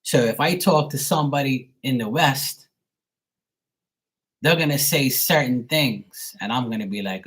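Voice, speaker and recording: A man's voice: mid-range voice, a little slow, a bit bright, breathy edge. A young adult man with a Bermudian accent, chatting casually and rambling on a live stream, swearing now and then. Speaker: live tarot reader.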